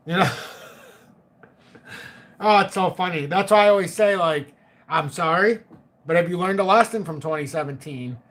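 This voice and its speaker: A man's voice: high-pitched, fairly quick, fairly bright tone. A middle-aged man hosting a live chat stream, joking, laughing often and swearing casually. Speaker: livestream host.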